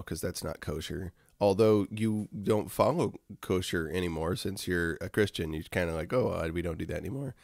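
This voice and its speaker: A man's voice: low voice, vocal fry, dry recording, clean studio sound. A man hosting a casual livestream, rambling to his chat with lots of ums and frequent chuckles. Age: adult. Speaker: livestream host reading chat.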